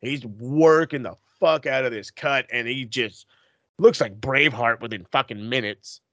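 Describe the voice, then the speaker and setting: A man co-hosting a wrestling podcast in casual chat, animated and profane, acting out quotes with big jumps in pitch. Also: a little slow, dry recording, muffled recording.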